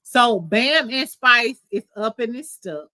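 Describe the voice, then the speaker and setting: Animated profane woman podcast host. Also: on the high side, takes it slowly, no room sound, poor audio. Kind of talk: casual reality TV recap.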